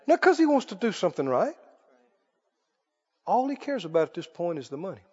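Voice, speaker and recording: A preacher with a very high voice, telling the story dramatically and stopping often to ask rhetorical questions. His voice carries a long reverb in a church sanctuary, and the recording sounds dull and muffled. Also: big pitch swings, fairly quick, darkish tone, slightly rough. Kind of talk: sermon.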